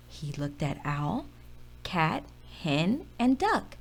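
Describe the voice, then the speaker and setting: A woman reading a children's picture book aloud as storyteller, expressive and sing-song. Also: deep voice, slow pace, gravelly, husky.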